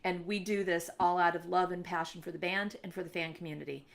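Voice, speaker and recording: A woman co-hosting a casual fan podcast, speaking earnestly and warmly with frequent fillers. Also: on the low side, steady tone, fast, creaky. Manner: earnest, heartfelt, with many fillers. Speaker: podcast co-host.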